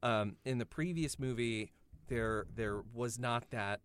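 A man's voice: medium pitch, takes it slowly, a little hiss or hum. A man co-hosting a podcast, thoughtfully explaining ideas in a casual film discussion. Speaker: podcast co-host.

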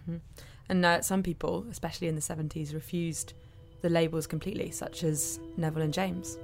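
A female podcast co-host narrating in a measured, explanatory way. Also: low voice, little pitch movement, creaky, darkish tone, faint music behind. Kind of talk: scripted narration.

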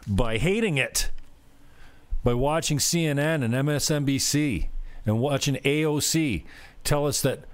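A man's voice: medium pitch, measured pace, dry recording. A man vlogging a casual, rambling rant, swearing often and sounding exasperated.

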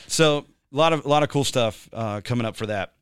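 A worship pastor with a mid-range, slightly bright, clean voice talks a bit quickly in casual conversation. He wanders from point to point, uses plenty of fillers, and drops in short bursts of singing. The studio sound is clean and dry.

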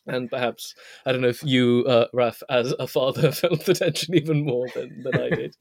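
Host, casual book chat, hesitant, laughs a lot, mid-pitched voice. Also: male voice, fairly even intonation, moderate pace, gravelly, darkish tone. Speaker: podcast host.

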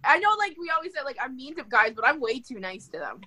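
A Canadian woman co-hosting a comedy podcast over a video call, playful and quick to laugh. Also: high voice, sing-song, bright, forceful tone. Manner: giggly, laughs often, playful. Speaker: podcast co-host.

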